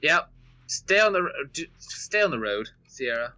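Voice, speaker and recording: A man's voice: a little high, big pitch swings, normal speed, pushed and bright. A man hosting a co-op gaming session, casually explaining game mechanics to his friends. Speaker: co-op gameplay host. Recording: faint background noise.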